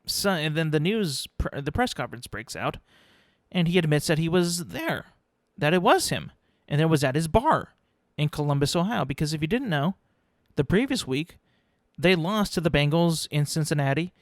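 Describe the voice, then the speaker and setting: A man hosting his own podcast, rambling in a casual, self-mocking way and slipping into quick mock voices. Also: on the high side, expressive, dry recording, clean studio sound. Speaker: podcast host. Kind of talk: casual solo podcast rant.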